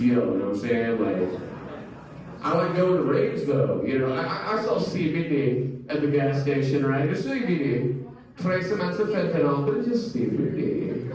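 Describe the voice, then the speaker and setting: A man's voice: medium pitch, darkish tone. A man in his thirties doing a stand-up set, loose and crude, rambling with lots of fillers. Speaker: stand-up comedian. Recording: echoey comedy club, distant mic.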